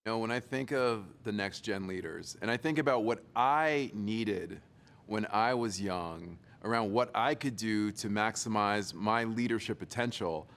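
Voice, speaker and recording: A man's voice: lowish voice, unhurried, fairly bright tone, smooth. A young adult man giving a storytelling keynote talk, playful and teasing his audience. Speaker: motivational speaker.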